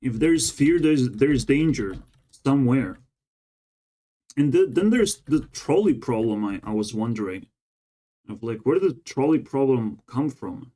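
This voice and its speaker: A man's voice: mid-range voice, animated, measured pace, mellow. Frustrated man ranting, tired. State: tired and run down. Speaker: vlogger. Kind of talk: casual rambling monologue to camera.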